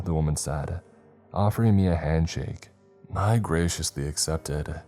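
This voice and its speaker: Very deep male narrator, mellow dark tone, measured scripted horror reading, faint music. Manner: measured, dramatic first-person reading.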